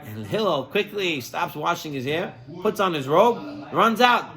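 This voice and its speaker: A male rabbi gives a sermon with a voice that sits high for a man. He tells stories in an animated way and goes hushed to drive each lesson home. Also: measured pace. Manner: animated storyteller who acts out characters.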